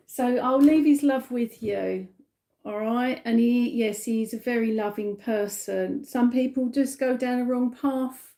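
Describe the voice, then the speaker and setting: A middle-aged woman giving a live psychic reading, talking slowly and emotionally as she relays messages. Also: on the high side, dark tone. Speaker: psychic medium.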